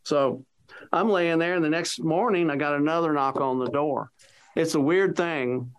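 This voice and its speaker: A man's voice: fairly high pitch, normal speed, clear, resonant tone. A man as an interview guest, earnestly retelling a personal story and reliving the conversations in it.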